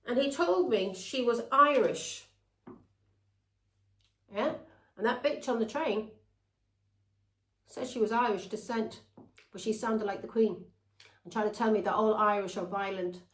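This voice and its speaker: A woman's voice: fairly high pitch, unhurried, long pauses, reverberant, poor audio. A woman telling a long, rambling personal story to her viewers. She talks bluntly and swears freely. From England. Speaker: tarot reader.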